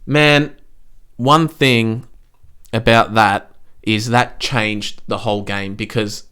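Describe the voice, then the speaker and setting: A man's voice: fairly low pitch, steady tone, takes it slowly, pushed and bright, clean tone. A man hosting a casual sports podcast, swearing freely, dropping "man" into every sentence and getting worked up. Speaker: podcast host.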